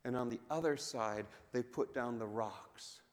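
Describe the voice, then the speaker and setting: Man preaching slowly in an echoing church. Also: mid-range voice. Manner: animated storytelling, acting out voices of crowds. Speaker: pastor. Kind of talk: sermon. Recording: long reverb of a church hall.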